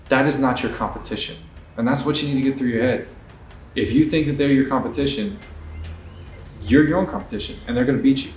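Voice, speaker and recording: Blunt, cursing man in an echoey room. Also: mid-range voice. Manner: blunt, profane, emphatic storytelling. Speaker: indie filmmaker. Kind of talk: candid advice rant to camera. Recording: echoey room, distant mic, faint ambience.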